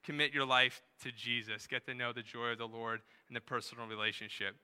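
A male pastor preaching a sermon to a live church service in a conversational way, with quick asides and rising emphasis. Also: medium pitch, little pitch movement, sharp tone, clear, resonant tone. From New Hampshire, USA.

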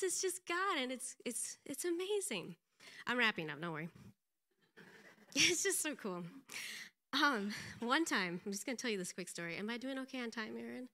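Bright-voiced woman sharing a church story, animated and self-mocking, laughs a lot. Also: on the high side, normal speed. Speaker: pastor's wife giving a testimony.

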